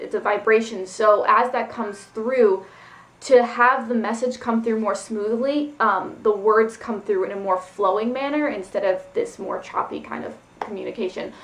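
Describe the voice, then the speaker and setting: A woman telling a personal story in a casual vlog, rambling and loose with lots of "like" and "um". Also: medium pitch. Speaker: spiritual vlogger. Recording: echoey room.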